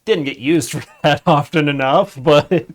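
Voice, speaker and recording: A man's voice: fairly high pitch, unhurried. A young man chatting casually on a gaming stream, swearing and laughing as he tells stories. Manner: swearing, laughing, animated storytelling. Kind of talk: casual chat while gaming.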